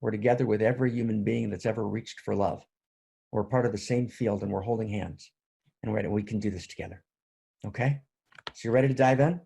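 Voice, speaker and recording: Man, husky voice, tired, earnest livestream spiritual talk, repetitive. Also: fairly low pitch, fairly even intonation, brisk, dark tone. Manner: earnest, repetitive, often asks "right?". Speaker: spiritual teacher.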